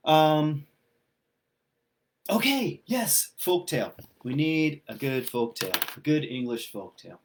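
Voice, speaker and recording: A man giving a relaxed, conversational livestreamed sermon as pastor, telling a folktale with frequent pauses and ums. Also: on the high side, noisy background. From Ireland.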